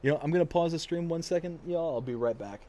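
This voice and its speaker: A man's voice: on the high side, quick pace, warm tone. A man live-streaming a farming game from his home office, chatting casually in a rambling, jokey way and chuckling often. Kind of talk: casual chat while gaming.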